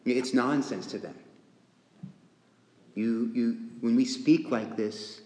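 Slow, echoing male preacher. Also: medium pitch, darkish tone. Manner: earnest preaching with repeated phrases, pausing often. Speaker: pastor. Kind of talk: sermon. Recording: echoey church hall with long reverb.

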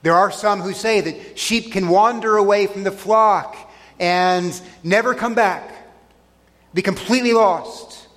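Earnest preaching man in echoing church. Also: unhurried. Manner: earnest preaching, dropping soft and low on key lines. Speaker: pastor. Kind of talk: sermon. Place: church sanctuary. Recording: long church hall reverb.

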